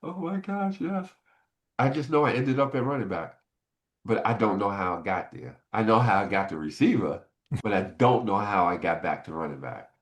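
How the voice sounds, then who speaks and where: Deep-voiced man, animated storyteller. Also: normal speed. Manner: animated, jumps high in pitch when retelling frustration. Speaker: former football player, guest. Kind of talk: casual interview storytelling.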